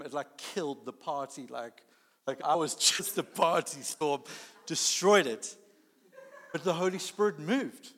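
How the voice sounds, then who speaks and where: A man preaching a sermon, telling a personal story with lively acted-out dialogue. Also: fairly high pitch, big-room sound. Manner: animated storytelling, acting out dialogue.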